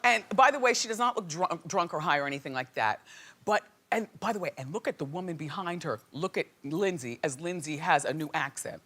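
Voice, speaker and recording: A woman hosting a talk show, delivering an animated, sassy celebrity gossip monologue. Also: low voice, a little fast, slight background noise.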